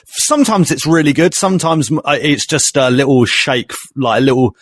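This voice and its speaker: A man's voice: on the high side, brisk, no room sound. A man in his twenties, a podcast co-host chatting casually and playfully. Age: 20s. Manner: chatty, playful, lively storytelling.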